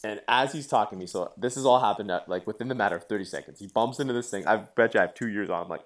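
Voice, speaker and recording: Lower-pitched man telling gritty stories. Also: rapid-fire, hardly any pauses. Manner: animated storyteller, swears, laughs while telling. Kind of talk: casual chat.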